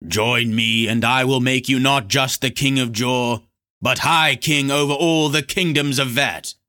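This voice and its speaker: A man's voice: mid-range voice, fairly even intonation, a little slow, pushed and bright, voice pushed up. A man voicing a scheming male black sorcerer who speaks in a smug, purring, mocking way. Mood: persuasive.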